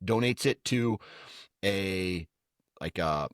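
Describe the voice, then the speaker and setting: A man's voice: low-pitched, lively intonation, slow, no echo, clean studio sound. A man co-hosting a podcast, telling stories in casual chat and slipping into silly voices. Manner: storytelling with put-on voices and laughter. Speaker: podcast co-host.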